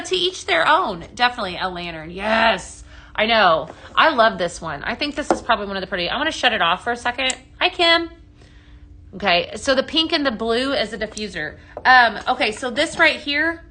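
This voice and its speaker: A woman's voice: fairly high pitch, sharp tone, slight background noise. A woman hosting a live home-fragrance sales stream, chatty and full of ums and okays, greeting viewers by name while demonstrating products.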